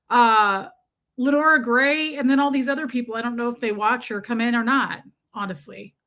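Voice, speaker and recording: Bright-voiced chatty American woman. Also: fairly high pitch. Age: 40s. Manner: chatty, sarcastic, jokey. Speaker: livestream host. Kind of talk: casual live-stream chat reading viewer comments.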